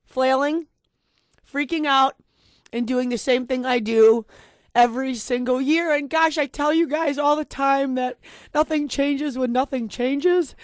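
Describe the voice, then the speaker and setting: A middle-aged woman hosts a talk show with a high, bright-sitting voice. She rambles emotionally and pokes fun at herself as she talks to her co-host. The recording is dry and close. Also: dry recording. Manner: emotional, rambling, self-deprecating.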